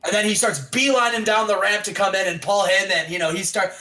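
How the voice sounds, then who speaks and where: Co-host with a high, bright voice, playful and laughing, good banter partner. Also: male voice, fairly even intonation, a little fast, rough recording. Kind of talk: casual gameplay commentary.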